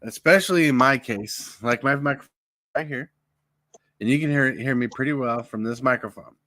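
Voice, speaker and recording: A man's voice: medium pitch, normal speed, pushed and bright, dry recording. A man hosting a casual live podcast from his home at night, giving tips on speaking on camera. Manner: coaching, gives tips on projecting voice. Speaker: podcast host. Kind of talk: casual live-stream chat.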